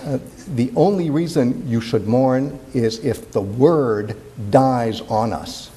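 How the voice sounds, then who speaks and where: A man's voice: mid-range voice, takes it slowly, warm tone. An older man from Indiana giving a playful, digressive classics lecture at a symposium, full of fillers and restarts. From Indiana, USA. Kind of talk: symposium talk.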